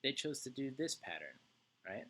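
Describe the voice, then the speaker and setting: Husky-voiced male music teacher. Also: medium pitch, very animated, moderate pace, a bit bright. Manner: upbeat, checks in often with "right?"; chants rhythm syllables aloud. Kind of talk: online music lesson for young children.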